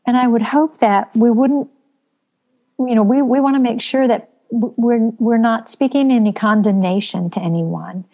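A woman co-hosting a faith podcast, speaking in an earnest, measured way. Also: a little high, warm tone, highs cut off. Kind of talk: casual faith podcast chat.

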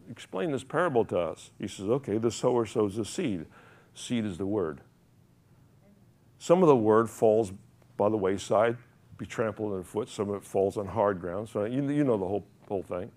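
A man's voice: fairly low pitch, a little mellow. A man preaching a sermon, rambling and correcting himself, then building to fervent emphasis.

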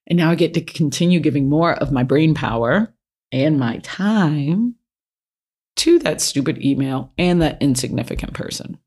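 A frank self-help speaker talking casually in a middle-pitched voice. They speak plainly from personal experience and hammer home key points by repeating them. The delivery is relaxed and conversational, not scripted. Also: moderate pace, breathy edge. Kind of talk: casual advice talk.

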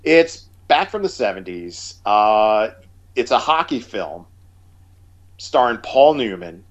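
A man's voice: lowish voice, very animated, slow, muffled recording. A man in casual conversation, talking at length with many fillers and restarts. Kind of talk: casual chat about movies.

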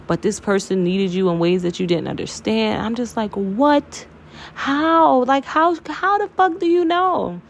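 A woman's voice: medium pitch, vocal fry, darkish tone, slight background noise. A young adult woman hosting a podcast and talking openly and emotionally about her own life, swearing freely and calling her listeners y'all. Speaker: podcast host. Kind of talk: candid personal podcast monologue.

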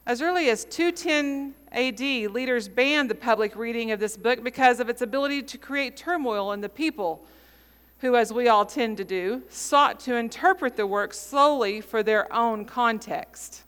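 A woman in her forties preaching a sermon, telling a story with measured, dramatic pauses. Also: on the high side, a bit bright, smooth, long reverb tail. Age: 40s.

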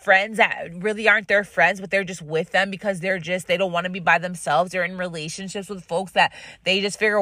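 Animated woman host telling a story. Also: lowish voice, a little fast, few pauses, no echo, studio quality. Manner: animated, rambling, frequent restarts. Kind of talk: casual storytelling talk.

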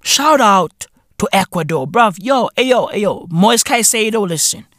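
Slow, sarcastic comic. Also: male voice, high voice, animated, a bit bright, dry recording, studio quality. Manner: drawling, sarcastic, heavy swearing, drops to whispers. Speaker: comedy podcast host. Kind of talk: profane satirical monologue.

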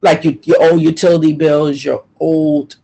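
A woman's voice: low voice, level tone, normal speed, creaky, mellow, breathy edge, low-quality recording. A woman being interviewed, talking in an emphatic, frustrated way and repeating her points. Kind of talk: personal testimony interview.

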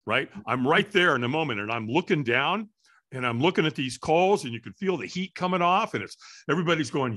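A middle-aged man, a guest in an interview, telling a story with energy and acting out the voices and shouts of the people in it. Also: a little high, moderate pace. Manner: lively, acts out quoted voices and shouts. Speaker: interview guest, firewalk instructor.

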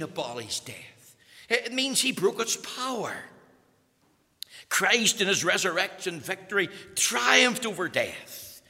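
A man preaching with passion, his voice gravelly and lively as it rises and falls. He drops to near-whispers and then swells again. A long reverb hangs behind him, as in a large church. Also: on the high side. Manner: impassioned, swinging from hushed to loud, repeating words when emphatic. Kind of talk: sermon.

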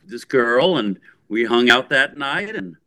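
A middle-aged man, a guest musician, telling a long story in a casual interview, rambling and animated with frequent restarts. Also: mid-range voice, measured pace, dry recording.

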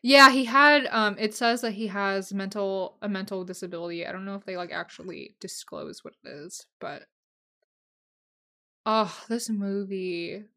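A woman's voice: mid-range voice, unhurried. Gushing young woman podcast host. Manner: gushing, emotional, swings between loud excitement and quiet asides. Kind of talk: casual solo podcast chat.

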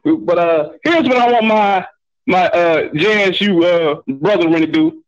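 A male caller on a radio show, laid-back and reassuring, repeating himself to calm listeners. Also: high voice, a little slow, lo-fi sound. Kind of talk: call-in radio chat.

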